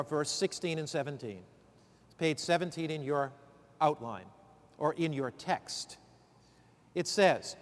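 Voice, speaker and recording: A man's voice: a little high, long reverb tail. A man teaching lay preachers in an emphatic sermon style, drawing answers from his listeners. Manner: emphatic, calls for answers from the room.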